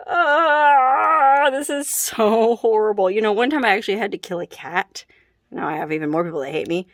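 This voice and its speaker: A woman's voice: on the high side, expressive, a little slow, no echo. A young adult woman vlogging casually, distressed and apologetic, with nervous laughs. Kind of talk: casual vlog talk to camera. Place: hot house and shaded yard.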